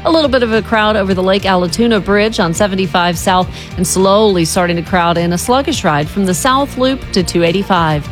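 A woman giving a radio traffic report with rapid routine delivery. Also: mid-range voice, faint music behind.

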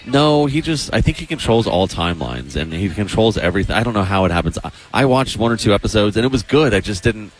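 A deep-voiced man chats casually as a co-host. He talks in an easygoing way and often restarts his sentences mid-thought. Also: animated, quick pace, few pauses. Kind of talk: casual chat.

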